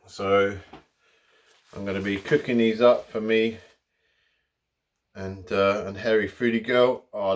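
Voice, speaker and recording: Slow, rambling man hosting a cooking vlog. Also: lowish voice, recorded from a distance. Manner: rambling, chatty, jokey asides. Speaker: cooking channel host.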